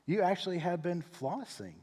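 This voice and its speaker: A man's voice: sits high, very animated, moderate pace, darkish tone, slightly rough, pitched above the performer's own voice, exaggerated voice. A male pastor voicing a sarcastic, skeptical female dental hygienist in a sermon anecdote. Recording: long reverb of a church hall.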